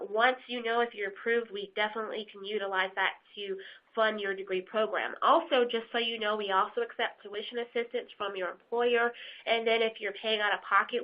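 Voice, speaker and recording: A woman presenting a webinar, upbeat and formal as she hands over and answers about payment. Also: medium pitch. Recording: dull lo-fi line.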